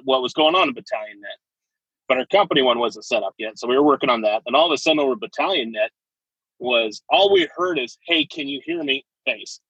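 A man's voice: mid-range voice, pushed and bright, slightly rough, no room sound, highs cut off. A young man, an army veteran, telling stories in a casual chat and laughing often between them.

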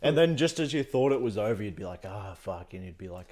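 A man's voice: lowish voice, lively intonation, fast talker, darkish tone. A young man, a guest in casual chat, who rambles through stories with lots of fillers and swearing.

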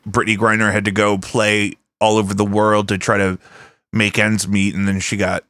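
A man's voice: on the low side, monotone, normal speed, bright, forceful tone, dry recording, clean studio sound. A man hosting a podcast at home, rambling and cursing freely as he thinks aloud. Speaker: podcast host. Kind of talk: casual chat.

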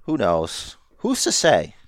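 Animated man chatting about wrestling. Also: on the low side, takes it slowly, no echo. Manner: animated, joking, drops into mock voices. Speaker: podcast co-host. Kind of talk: casual wrestling chat.

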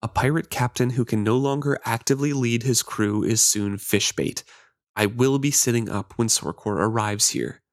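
A man's voice: mid-range voice, moderate pace, dry recording, studio quality, natural voice. A man reading as a proud wounded pirate captain. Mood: defiant. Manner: read aloud from a novel, lightly voiced.

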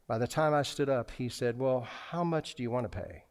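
A man's voice: medium pitch, fairly quick. A man preaching a sermon as a pastor, telling a personal story with lots of restarts and acted-out dialogue.

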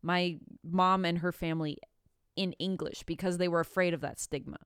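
Smooth-voiced female podcast co-host. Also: on the low side, fairly even intonation, moderate pace, a bit bright, no echo, studio quality. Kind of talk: casual podcast chat.

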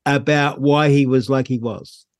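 A man's voice: mid-range voice, steady tone, measured pace. A man hosting a talk radio show, asking his guest questions in a conversational way. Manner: conversational interviewer steering with questions. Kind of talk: radio interview.

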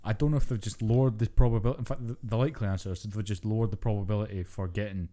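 A man co-hosting a casual gaming podcast, chatting quickly about his play-throughs and laughing between points. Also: on the low side, steady tone, dark tone. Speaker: podcast co-host.

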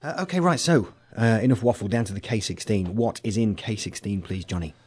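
Joking English radio co-host, low voice. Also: male voice, a little fast, music in the background. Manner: joking, teasing, with frequent fillers. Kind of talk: chatty local radio banter.

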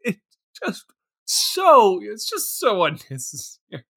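A woman co-hosting a podcast, chatting excitedly about a film, laughing often and swearing freely. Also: medium pitch, slow pace, husky. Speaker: podcast co-host. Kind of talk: casual movie recap chat.

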